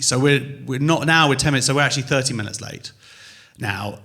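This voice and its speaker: Male stand-up comic, mid-pitched, animated club storyteller who swears a lot and keeps dropping from loud bursts to mutters. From England. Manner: animated storytelling, acts out his wife and staff in quick voices. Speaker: stand-up comedian. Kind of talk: stand-up comedy set. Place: comedy club stage.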